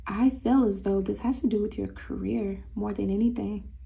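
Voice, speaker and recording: A woman's voice: mid-range voice, steady tone, moderate pace, creaky, warm tone. A young woman giving a casual tarot reading, talking straight to viewers in a sassy, teasing way. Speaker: tarot reader.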